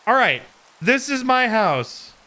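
A man streaming a game, excitable and loud, swearing and exclaiming as he plays. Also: very high voice, slow pace, a little hiss or hum. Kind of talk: live gameplay commentary.

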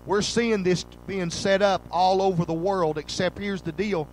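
Fervent preaching man, fairly high voice. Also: fairly even intonation, normal speed, a little hiss or hum, low-quality recording. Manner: fervent, swells loud on key lines then drops low; reads scripture in old King James wording. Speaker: pastor. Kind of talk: preaching a sermon.

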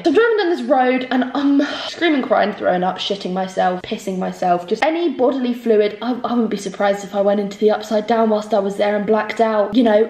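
Sweary young woman ranting. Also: fairly high pitch. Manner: sweary, animated, comic exaggeration. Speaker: vlogger. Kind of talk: casual storytime rant. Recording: echoey room.

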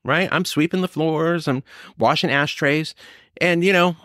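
A man's voice: on the high side, a little slow, a bit bright, no room sound, studio quality. A man telling his personal recovery story, acting out the exchanges he quotes. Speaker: recovery speaker.

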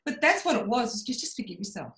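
A woman's voice: a little high, big pitch swings, fast talker, a bit bright. A woman in her forties speaking frankly and reflectively as a podcast guest, acting out her own inner voice as she tells her story. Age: 40s. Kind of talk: candid personal conversation. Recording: roomy echoey sound.

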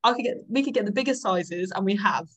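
A woman's voice: medium pitch, fast talker, fairly bright tone, breathy edge, low-quality recording. Young woman, podcast co-host, chatty and self-mocking, mid-range voice. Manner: chatty, self-deprecating, acts out quotes. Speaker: podcast co-host and rugby prop. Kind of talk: casual chat.

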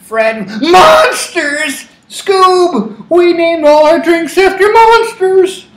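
A man's voice: very high-pitched, sing-song, extremely slow, a bit bright, reverberant, slight background noise, full character voice. A man voicing a goofy, easily startled stoner slacker from a cartoon, drawling and yelping. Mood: goofy excited.

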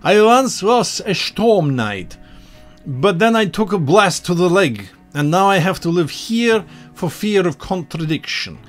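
A man voicing a weary former warrior in hiding, speaking slowly and gravely. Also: high-pitched, very animated, soft background music, pitched above the performer's own voice.

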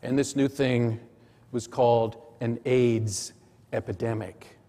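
A middle-aged man preaching a sermon, telling a personal story in short, measured phrases. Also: medium pitch, steady tone, dark tone. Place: church sanctuary. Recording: church hall reverb.

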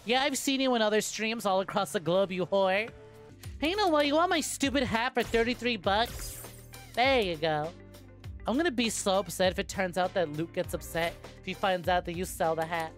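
A young adult woman streaming a game, giving crude, playful, excitable commentary. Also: medium pitch, normal speed, faint music behind. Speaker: VTuber streamer. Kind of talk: casual gameplay commentary.

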